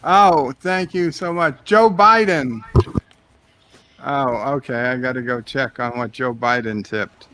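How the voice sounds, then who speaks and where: A man's voice: medium pitch, takes it slowly, sharp tone. A man hosting a live game stream, chatting casually with friends in voice chat and reading viewer messages aloud.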